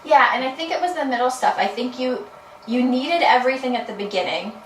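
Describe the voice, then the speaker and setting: A woman in her twenties or thirties co-hosting a casual movie review, talking in a relaxed way with restarts and laughs. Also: sits high, brisk. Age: 20s or 30s. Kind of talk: casual chat. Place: in a car. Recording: roomy, distant, faint background hum.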